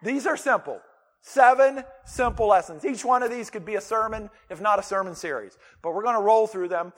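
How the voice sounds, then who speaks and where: High-voiced man preaching in a reverberant hall. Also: a little fast, a bit bright. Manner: conversational and emphatic, with playful asides. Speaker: pastor. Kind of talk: sermon. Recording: long reverb of a large hall.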